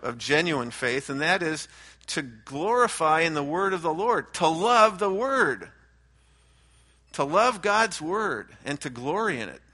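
A man preaching a verse-by-verse sermon as a pastor, earnest and animated, often restarting his phrases as he works through the text. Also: fairly high pitch. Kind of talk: expository sermon.

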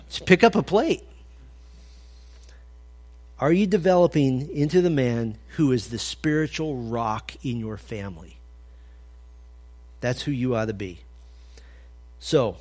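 A man's voice: mid-range voice, husky. A man giving a conversational sermon at a men's breakfast. He talks with energy and humor, puts direct questions to his listeners, and acts out little scenes. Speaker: men's ministry speaker.

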